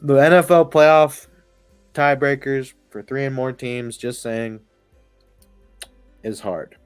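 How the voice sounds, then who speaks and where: A man's voice: mid-range voice, steady tone, slow pace, smooth, no echo, soft background music. A man streaming casual live baseball commentary, rambling, swearing often and laughing as he talks. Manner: rambling, profane, laughs while talking. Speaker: sports streamer.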